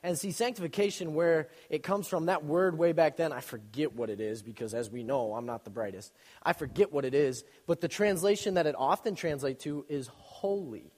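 A young man giving a casual, joking sermon, telling stories with sudden loud bursts and quick asides. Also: fairly high pitch. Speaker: youth speaker. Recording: long reverb in a hall.

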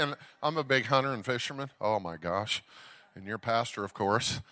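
Exuberant Texan evangelist, bright and loud. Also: male voice, mid-range voice, a little fast. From Dallas, Texas. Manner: exuberant, calls out to the crowd, storytelling. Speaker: guest evangelist preacher. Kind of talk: energetic Pentecostal sermon. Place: church sanctuary.

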